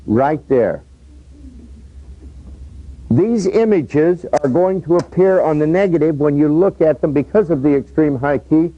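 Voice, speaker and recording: A man's voice: a little high, dark tone. A portrait photographer talking his audience through a live studio session and coaxing his models as he works. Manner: coaxing, directing models with running commentary. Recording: dull lo-fi recording.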